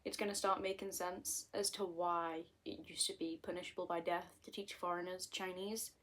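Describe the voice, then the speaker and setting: This vlogger, a woman in her twenties with a British accent, films in her bedroom, skipping between subjects and laughing at herself. Her fairly low, fairly bright voice moves at a moderate pace with little pitch variation.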